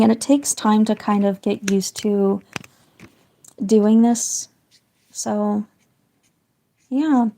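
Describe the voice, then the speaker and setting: A slightly hoarse woman with a raspy voice, a parent chatting casually and rambling on a livestream while she colours, hedging her words as she goes. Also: medium pitch, mellow. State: slightly hoarse, getting sick. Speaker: livestreaming artist.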